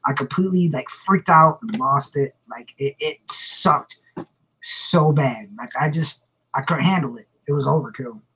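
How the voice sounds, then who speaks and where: A man's voice: fairly high pitch, moderate pace, pushed and bright, husky, rough recording. A man, vlogging and telling a rambling personal story, repeating words and laughing as he goes. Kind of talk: casual storytelling to camera.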